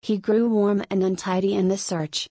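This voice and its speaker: A woman narrating a story as an audiobook in a measured storytelling way. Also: mid-range voice, little pitch movement, mellow, dry recording.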